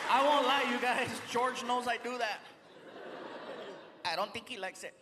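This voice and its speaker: A man with a Mexican-American accent doing stand-up, telling animated stories and slipping into character voices. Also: very high-pitched, measured pace, over a noisy crowd. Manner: animated, switches into character voices, laughing at his own jokes. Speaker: stand-up comedian. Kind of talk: stand-up storytelling. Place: comedy club stage with audience. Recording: loud room noise under live stage audio.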